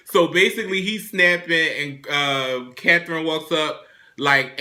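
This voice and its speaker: Young guy w a really bright edgy voice, fast chatty tv recap, swears a lot. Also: a little high. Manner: animated, profane, chatty storytelling. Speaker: show host reviewing a TV drama. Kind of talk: casual TV episode recap.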